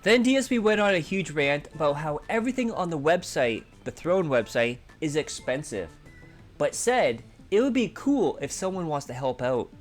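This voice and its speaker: A man's voice: a little high, big pitch swings, normal speed, faint music behind. A man hosting a drama commentary channel, sarcastically recapping a streamer's clips. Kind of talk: narrating commentary over clips.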